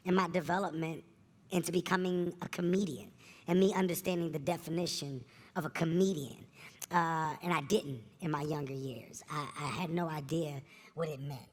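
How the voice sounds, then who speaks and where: A man telling candid stories in an interview as a comedian guest, earnest and animated, at a live event before an audience. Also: on the high side.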